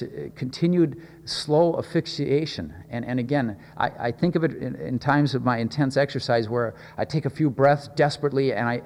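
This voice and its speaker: A man delivers a sermon in an earnest, halting way, often doubling words and stopping on fillers. His voice sits at an ordinary middle pitch. A long reverb trails after him, as in a large hall. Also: a little mellow. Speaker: pastor.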